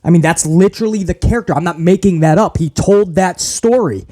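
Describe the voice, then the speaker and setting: This high-pitched man, who grew up in housing projects, reviews wrestling on his own channel in an animated, foul-mouthed, casual rant. Along the way he ridicules the show with rapid impressions.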